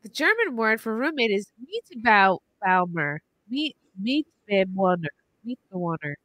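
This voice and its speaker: Bright, lively woman podcast host. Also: mid-range voice, unhurried. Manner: loud, joking, reads out donations. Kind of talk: casual group chat.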